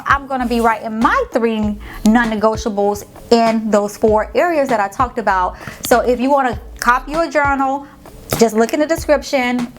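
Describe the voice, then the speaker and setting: A woman's voice: a little high, slight background noise. A woman vlogger, giving a sassy, slangy motivational pep talk to her viewers. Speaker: motivational vlogger and podcast host. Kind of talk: casual motivational talk to camera.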